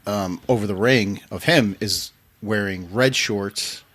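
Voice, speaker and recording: A man's voice: fairly low pitch, slow, a bit bright, dry recording. A man hosting a podcast, joking and laughing in casual banter. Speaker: podcast host. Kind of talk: casual chat.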